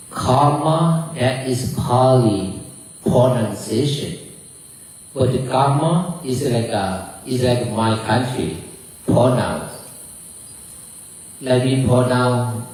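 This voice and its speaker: A man who is a Buddhist monk, giving a dharma talk and answering questions in a halting way, often repeating words as he searches for them. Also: mid-range voice, a little mellow. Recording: very echoey room, distant mic.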